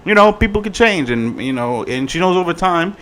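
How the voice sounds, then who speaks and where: A man giving a casual review in his vlog, swearing freely in an animated, slangy way. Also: high-pitched, fairly quick. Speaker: video reviewer.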